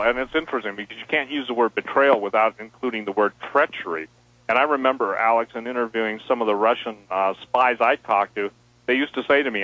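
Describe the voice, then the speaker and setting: A man appears as a guest on a talk radio show, interviewed over a line, speaking emphatically and animatedly and quoting people in different voices. His voice is mid-range, and the audio is dull with no echo.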